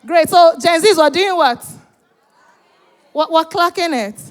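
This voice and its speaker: A high-pitched woman emcees a live event into a handheld mic. She is animated and playful, coaxing the crowd to answer and cheer. Her voice rings out with the long reverb of a big hall. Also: unhurried, heavy background noise. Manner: animated, teasing, urging the crowd. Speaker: event host. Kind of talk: hosting a live event, bantering with the audience.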